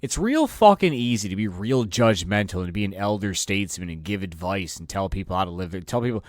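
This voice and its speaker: A man's voice: low voice, animated, brisk, hardly any pauses, no echo, clean studio sound. A man hosting his own podcast, ranting casually with heavy swearing and an exasperated delivery, often stumbling and repeating words as he goes. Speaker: podcast host. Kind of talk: casual profane rant.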